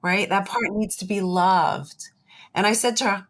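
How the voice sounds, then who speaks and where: A woman's voice: medium pitch, steady tone, a little slow. A woman speaking as a psychologist guest in an interview, earnest and emphatic, often repeating her key points. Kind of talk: interview conversation.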